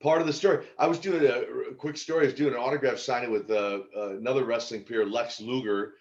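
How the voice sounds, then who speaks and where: A man in his sixties, a former pro wrestler, telling stories as a podcast guest in an animated way with laughs and restarts. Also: medium pitch, fairly quick. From United States. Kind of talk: casual storytelling interview. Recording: dull lo-fi audio.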